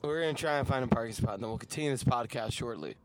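A man's voice: medium pitch, rapid-fire. A man co-hosting a casual podcast from inside a moving car, joking around and slipping into mock voices between laughs. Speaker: podcast co-host. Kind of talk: casual chat while driving. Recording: car with faint road noise.

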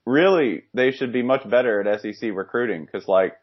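A man co-hosting a sports podcast, riffing jokily in casual chat with sudden loud outbursts. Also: medium pitch, brisk. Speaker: podcast co-host. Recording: dull lo-fi podcast audio.

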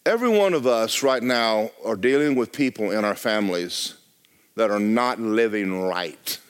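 A man's voice: on the low side, moderate pace, clear, resonant tone. A man preaching a sermon as pastor of a church, talking straight to the congregation with joking asides.

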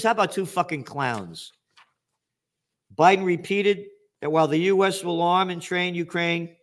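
An older man hosting a commentary show, ranting angrily and sarcastically with lots of swearing. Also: on the high side. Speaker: show host. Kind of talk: angry political commentary.

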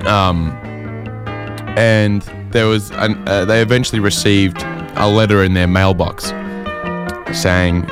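A man telling a long, wry anecdote in a casual, chatty way, with quick asides and fillers. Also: fairly low pitch, steady tone, music in the background. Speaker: storyteller.

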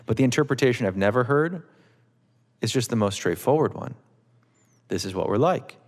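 A man reading from his own novel to a live audience in a measured, wry literary manner. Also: medium pitch, lively intonation. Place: auditorium stage. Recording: long reverb of a large hall.

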